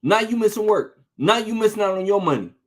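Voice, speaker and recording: A man's voice: high-pitched, animated, brisk. A man preaching an informal sermon, talking conversationally, repeating phrases for emphasis and asking rhetorical questions.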